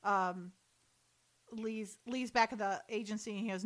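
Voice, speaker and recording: A middle-aged woman in casual chat, recapping an episode with lively quoted lines. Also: mid-range voice. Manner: animated retelling with quick quoted voices and laughs. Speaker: podcast co-host.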